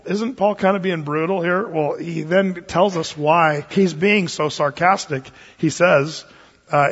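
A male pastor preaching a sermon in a relaxed, storytelling way, with frequent fillers and restarts. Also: on the high side, husky. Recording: dull sound in a long-reverb hall.

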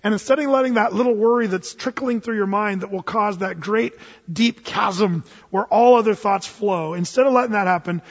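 Animated high-voiced male preacher. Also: moderate pace, long reverb tail, highs cut off. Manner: animated storyteller, swings from loud to hushed, jokes. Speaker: pastor. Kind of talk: sermon.

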